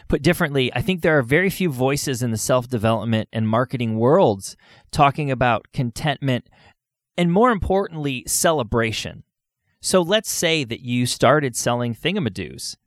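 Man, podcast host, earnest solo monologue, rhetorical questions, mid pitch, dry close mic. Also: no echo.

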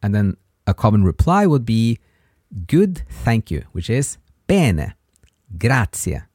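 With a breathy edge to his voice, a language podcast host slowly and patiently walks through basic Italian greetings, his pitch turning lively as he models each word. The sound is clean studio audio with no echo.

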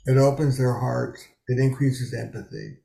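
In a candid interview, a psychotherapist in his seventies speaks frankly and emphatically, swearing freely, from a small bedroom study. His medium-pitched voice is steady and warm with some vocal fry, at a moderate pace, and the room sounds echoey.

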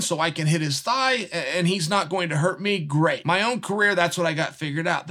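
Middle-aged guy with a high voice, animated fight breakdown, repeats stuff for emphasis. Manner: animated storytelling, emphatic repetition. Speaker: podcast host and former fighter. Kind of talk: casual fight analysis monologue.

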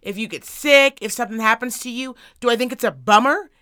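Sweary, ranting woman with a bright voice. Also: on the high side, brisk, clear, resonant tone, no room sound, clean studio sound. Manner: blunt, sweary, animated ranting. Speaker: podcast co-host. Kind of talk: casual profane chat.

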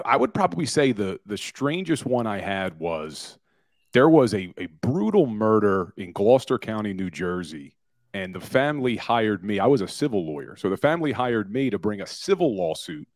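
A man's voice: on the low side, very animated, moderate pace, no echo. A forty-year-old man talks sports on a radio show. He tells stories with energy and a bit of self-deprecation. The studio mic is close and dry, with no room sound. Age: 40s. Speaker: guest, podcaster and former lawyer. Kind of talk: casual sports radio interview.

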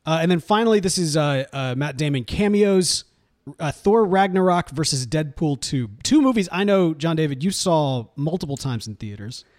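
Man, 30s, podcast co-host, casual chat, animated, chatty, fairly high voice, very lively pitch. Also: moderate pace. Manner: animated, chatty, laughs often.

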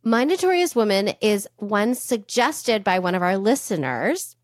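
A woman co-hosting a podcast, telling a story in casual, animated chat and swearing freely. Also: mid-range voice, unhurried, no echo, clean studio sound. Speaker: podcast co-host.

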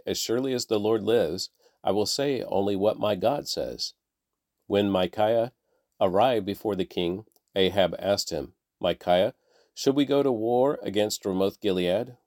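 A man reading a Bible passage aloud in a measured, plain way, lifting his voice for quoted lines. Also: on the low side, a little mellow, no room sound, clean studio sound. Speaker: Bible reader. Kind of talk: scripture reading.

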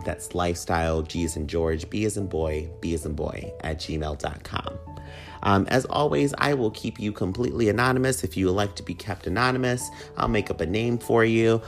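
A man hosts his own podcast in a low, slightly whiny voice, chatty and full of playful camp. Soft music plays faintly underneath him. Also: gravelly. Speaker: podcast host. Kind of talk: solo podcast talk with a read ad.

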